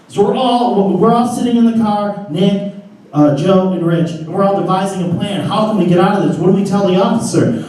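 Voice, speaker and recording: A man tells a comic, profane story in a loose, casual way, his pitch bouncing up and down. He sounds a bit higher than most men. He is picked up from a distance in a room with strong echo and faint noise. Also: lively intonation, fairly quick, a little mellow. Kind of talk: live comedic storytelling. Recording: roomy live room from a distance.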